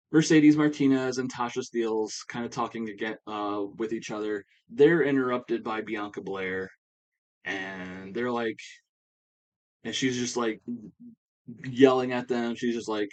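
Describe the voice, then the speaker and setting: A man's voice: mid-range voice, darkish tone, dull audio. A man casually recapping a simulated wrestling show, rambling along with lots of "uh" and "you know" fillers. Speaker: YouTuber recapping a wrestling sim game.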